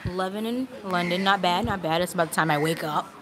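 A woman with a slightly low voice chats loosely through a handheld phone while she livestreams from a busy outdoor restaurant patio. She rambles, laughs easily and sounds a bit out of breath, with people milling around behind her. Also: fast. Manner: chatty, rambling, laughs often. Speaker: vlogger. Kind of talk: casual live-stream chat. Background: crowd of people.

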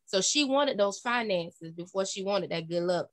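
A woman podcast co-host in casual chat, who makes her point deliberately and repeats it. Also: mid-range voice, expressive, no echo.

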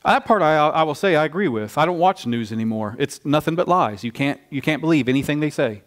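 Man, pastor, conversational sermon, animated storytelling, frequent restarts, slightly high voice. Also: fairly quick.

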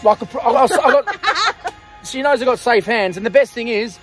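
Aussie bloke in his 30s, high voice, joking round with mates at a campsite, music going behind. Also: very animated, moderate pace, a bit bright. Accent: Australian. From Australia. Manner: jokey, teasing, laughs often. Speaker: vlogger. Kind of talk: casual campsite chat. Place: campsite outdoors at night.

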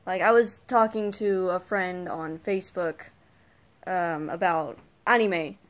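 A woman's voice: on the low side, steady tone, slow. A teenage girl vlogging a casual rant to camera, rambling and sighing as she complains. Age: teens. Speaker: YouTube vlogger.

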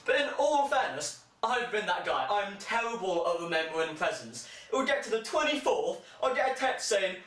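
A young man delivering a sarcastic comic monologue, breaking into shrill mocking voices. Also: big pitch swings, moderate pace, hardly any pauses, a bit bright. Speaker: comedian. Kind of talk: stand-up style comic monologue. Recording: echoey room, mic held far off.

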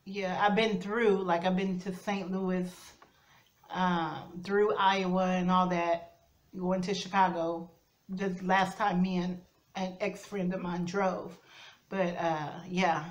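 A woman's voice: fairly low pitch, flat delivery, slow pace. A woman vlogger chatting casually to the camera in her home kitchen, rambling along with lots of fillers. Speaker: mukbang vlogger.

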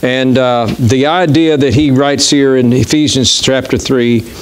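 A middle-aged man preaching a sermon as pastor in a church, talking conversationally and haltingly with many fillers and restarts. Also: mid-range voice, fairly even intonation, slight background noise.

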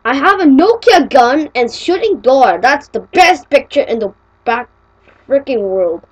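A woman narrating her own homemade cartoon video, excitable and quick to complain. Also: high voice, husky, poor audio. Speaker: channel creator.

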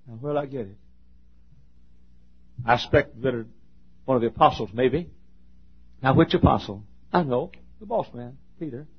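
A man preaching a sermon as a pastor, impassioned, joking now and then, dropping from shouts to near whispers. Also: mid-range voice, moderate pace, long pauses, breathy edge, muffled recording. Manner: joking asides.

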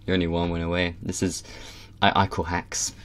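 A man hosting a casual gameplay video, excitable and constantly giggling as he plays. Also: low-pitched, normal speed, noisy background. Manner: giggly, excitable, laughs a lot. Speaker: gaming channel host.

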